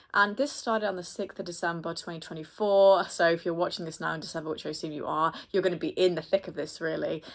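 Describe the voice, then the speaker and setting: Chatty woman astrologer with a gravelly low voice. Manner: chatty, rambling, filler-heavy, addresses viewers directly; laughs at herself. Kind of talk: casual horoscope reading to camera.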